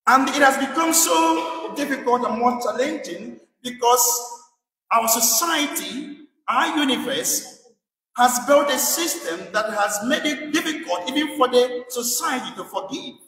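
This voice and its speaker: A priest delivers a sermon in a high, bright voice, pressing his point with repeated rhetorical questions. He sounds distant from the mic, and the church carries a long, echoing reverb. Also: lively intonation, unhurried. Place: church in England.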